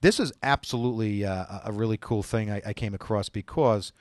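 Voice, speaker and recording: A man's voice: on the low side, a little fast, no room sound. A middle-aged man hosting a show, chatting casually and rambling with lots of fillers and restarts as he gives diet advice. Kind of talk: casual talk to camera.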